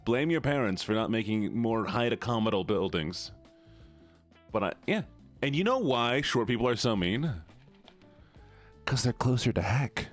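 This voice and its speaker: Soft music plays behind a man chatting casually on his live stream at a normal pace, his pitch swinging widely. He teases his viewers playfully and hits high squeals when he's mock-upset.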